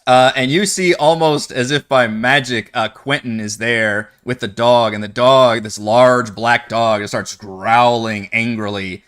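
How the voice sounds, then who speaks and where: A man running a tabletop game as game master, narrating in an animated, loose way with many fillers. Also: medium pitch, measured pace, few pauses, clear, resonant tone.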